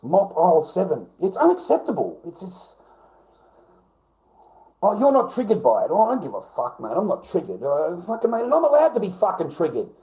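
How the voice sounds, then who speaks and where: An Australian man vents in a raw, profanity-laced monologue, his voice sitting a touch high for a man. He keeps breaking into loud, shrill peaks of indignation before dropping back to a grumble. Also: wildly swooping pitch, brisk, hardly any pauses, poor audio. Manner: angry, profane, swings into loud high-pitched outbursts. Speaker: vlogger.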